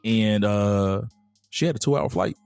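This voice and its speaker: Brief: low-voiced man, podcast co-host, easygoing storyteller, faint music behind. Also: unhurried, smooth, dry recording. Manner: relaxed, conversational retelling with fillers. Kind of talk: casual chat, storytelling.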